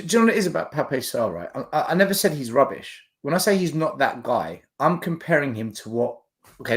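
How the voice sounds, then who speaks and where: A man talking as a guest pundit in a casual football debate, stammering as he starts his points. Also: mid-range voice.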